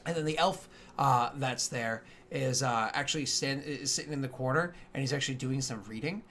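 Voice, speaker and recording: A man's voice: medium pitch, moderate pace, a bit bright, a little hiss or hum. A man narrating as game master, rambling with many fillers and restarts.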